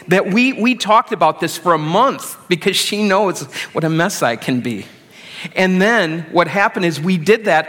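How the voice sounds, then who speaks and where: A man's voice: on the high side, pushed and bright. A middle-aged man preaching a sermon as pastor, conversational and self-deprecating.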